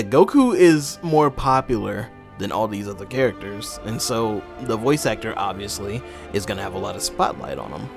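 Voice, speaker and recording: A man's voice: on the low side, creaky. A young man hosting a casual reaction commentary, rambling and laid-back, tossing in "bro" as he talks. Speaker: host.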